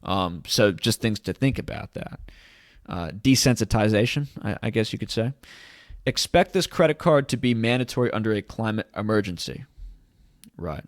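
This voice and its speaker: A man's voice: lowish voice, lively intonation, normal speed, no room sound, studio quality. A man hosting a casual commentary video who reads news articles aloud and breaks off with sarcastic rhetorical questions. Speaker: host of a cryptocurrency commentary channel.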